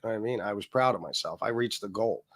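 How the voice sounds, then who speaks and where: A man in his forties hosting a livestream, ranting in a heated, profane way that swings between loud jabs and low mutters. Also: fast. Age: 40s. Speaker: livestream host.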